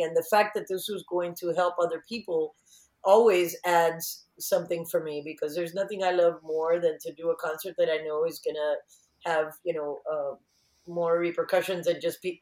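Lively woman telling stories in an echoey room. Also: on the low side. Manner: animated storyteller, acts out quotes. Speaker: interview guest, singer. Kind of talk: casual interview chat.

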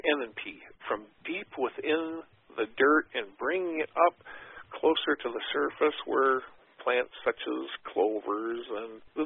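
Over a tinny phone line, a man guesting on a podcast as a habitat expert gives folksy, rambling answers full of sarcastic asides and digressions. His voice is medium-pitched and slightly rough.

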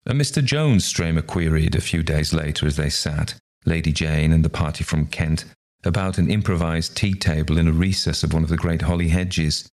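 Deep gravelly male story reader. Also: level tone, moderate pace, a little mellow. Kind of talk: ghost story reading.

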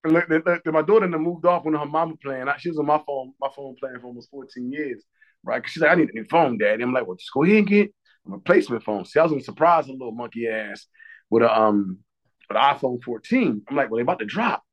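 A man's voice: medium pitch, lively intonation, fast talker, highs cut off. A man co-hosting a podcast, telling a story in casual, profane chat and acting out other people's lines with lots of energy. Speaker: podcast co-host.

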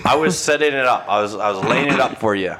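A man's voice: medium pitch, quick pace, pushed and bright, a little hiss or hum. A man co-hosting a comedy podcast, chatting casually and defending his choices. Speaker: podcast co-host. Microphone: cheap podcast mics.

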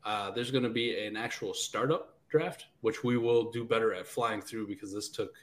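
Laughing male podcast co-host. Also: fairly low pitch. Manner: laughs often, lists names quickly. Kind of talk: casual podcast chat.

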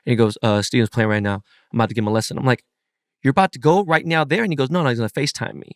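A man's voice: medium pitch, no room sound, studio quality. A man co-hosting a casual podcast, talking with lots of emphasis and swearing. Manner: fast, profane, emphatic. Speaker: podcast co-host. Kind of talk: casual chat.

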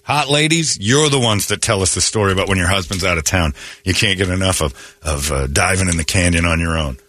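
A man's voice: sits low, fairly quick, pushed and bright, no echo. A man hosting a morning radio show, brash and mocking, full of crude comic banter. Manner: brash, mocking, slips into silly put-on voices. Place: radio studio.

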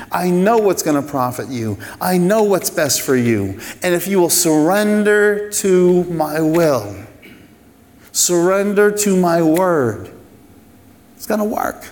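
A man's voice: a little high, a little mellow. Man preaching in a reverberant hall. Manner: conversational, emphatic preaching with repeated phrases. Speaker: pastor. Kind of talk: sermon. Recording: long reverb of a large hall.

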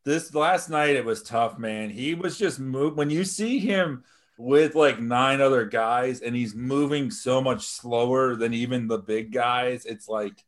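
A man's voice: mid-range voice, measured pace. A man co-hosting a comedy wrestling podcast, laid-back and joking, with some swearing. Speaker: podcast co-host. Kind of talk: casual comedy podcast chat.

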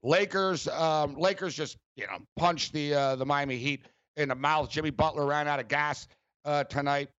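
A man's voice: on the high side, fairly even intonation, normal speed, a bit bright, dry recording, highs cut off. A man hosting a sports talk radio show, ranting sarcastically with lots of fillers.

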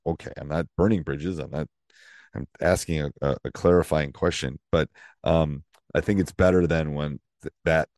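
A man's voice: rumbling low, darkish tone, no echo. A middle-aged man, a basketball coach, hosting his podcast in a casual, rambling way with many restarts. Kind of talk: casual solo podcast talk.

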